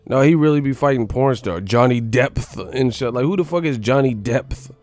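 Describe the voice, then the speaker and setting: A man rants about boxing in a loose, profane, mocking way, riffing on one target after another. His voice sits at a middle pitch and is recorded close and dry. Faint music plays underneath. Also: normal speed, a little mellow, no echo. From United States. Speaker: boxing commentator. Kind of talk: casual rant.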